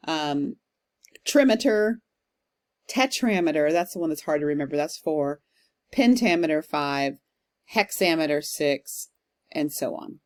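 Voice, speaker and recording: A woman, a literature instructor, giving a recorded online lecture in an explanatory, steady way with frequent ums. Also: low voice, takes it slowly, long pauses.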